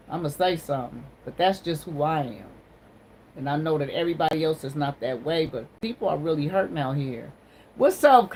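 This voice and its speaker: A woman's voice: fairly low pitch, darkish tone, a little hiss or hum, low-quality recording. A woman hosting a casual livestream on her phone, greeting viewers and talking in an encouraging, sermon-like way. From Ohio. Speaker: livestream host.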